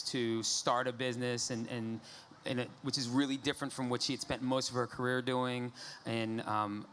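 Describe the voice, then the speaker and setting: A man moderating a conference panel on stage, joking and relaxed with many fillers. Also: mid-range voice, a little hiss or hum.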